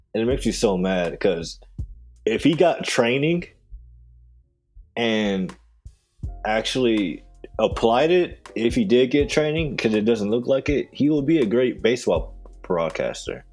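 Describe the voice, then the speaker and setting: A man's voice: medium pitch, animated, unhurried, long pauses, darkish tone, faint music behind. A man co-hosting a sports podcast, talking in opinionated, teasing casual chat. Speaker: podcast co-host.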